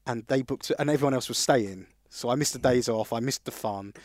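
A man's voice: medium pitch, fairly quick, a little mellow, no echo, studio quality. Man telling rambling podcast anecdotes. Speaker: podcast co-host. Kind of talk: casual storytelling chat.

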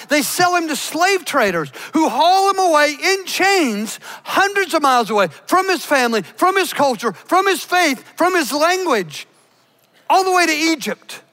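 A man preaching a sermon, emphatic, slowing down to stress key words. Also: very high-pitched, bright, forceful tone. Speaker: pastor. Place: church.

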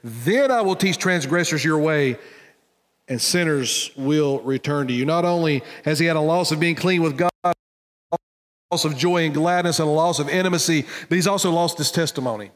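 A pastor giving an earnest sermon, swinging between loud emphatic lines and hushed, low ones. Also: male voice. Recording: church hall reverb.

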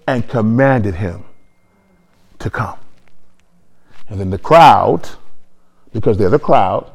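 A man preaching a sermon, telling a story quietly and then building to loud, shouted praise. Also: on the low side, expressive, slow pace, creaky, long pauses. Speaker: pastor.

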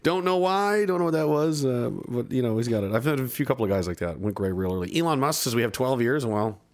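A man in his thirties talks casually to his livestream chat, sarcastic and ranting as he mocks the people commenting. His voice sits at an ordinary pitch but swings widely up and down as he goes. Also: animated, fast talker. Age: 30s. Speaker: livestream host reading chat.

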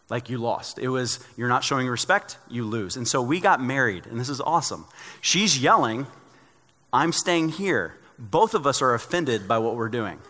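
A male pastor delivers a sermon in a bright, forceful voice. He preaches conversationally and drops in joking stories from his own life. His voice rings with the long reverb of a large church sanctuary. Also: mid-range voice.

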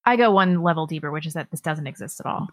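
Sarcastic low-voiced woman podcast host. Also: fast talker, dry recording, studio quality. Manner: sarcastic, reads listener comments aloud. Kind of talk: casual political chat.

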